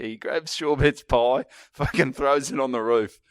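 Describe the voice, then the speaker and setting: A man's voice: mid-range voice, animated, normal speed, clear, resonant tone, dry recording, studio quality. A young Australian man co-hosting a podcast, swearing freely and laughing through rambling anecdotes about a mate. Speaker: podcast co-host. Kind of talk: casual chat, storytelling.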